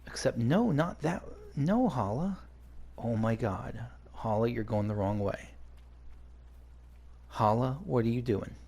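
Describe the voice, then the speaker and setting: A man's voice: medium pitch, expressive, slow, vocal fry, pauses often, a little mellow. A man rambling through casual gameplay commentary for a let's play, chatty and swearing when frustrated.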